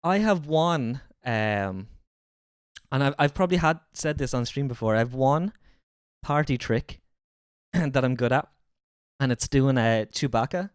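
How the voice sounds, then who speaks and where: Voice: mid-range voice, lively intonation, a little slow, long pauses, clean tone, no room sound, clean studio sound. A streamer reacting to a video with casual, joking and profane mocking asides.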